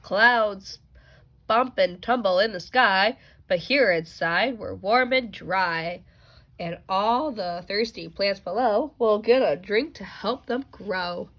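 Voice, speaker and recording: A mother reading a bedtime picture book aloud to her children, expressive and gentle, with small asides. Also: mid-range voice, takes it slowly. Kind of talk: storybook read-aloud.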